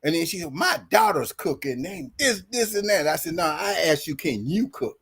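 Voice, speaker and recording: High-voiced man telling a lively story. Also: normal speed, vocal fry, slightly rough. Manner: animated, acts out quoted dialogue with laughter. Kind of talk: casual storytelling. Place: podcast studio.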